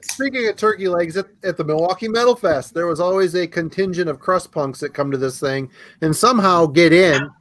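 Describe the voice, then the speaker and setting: A man's voice: high voice, a little fast, a bit bright, no echo. A man telling a laid-back story in a casual chat, swearing now and then. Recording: faint background noise.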